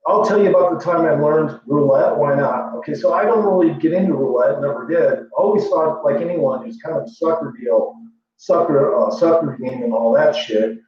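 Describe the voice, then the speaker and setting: A man's voice: fairly high pitch, normal speed. A man rambling in a boastful, profane, meandering casual monologue as a livestream host. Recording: echoey lo-fi room from far off with faint hum.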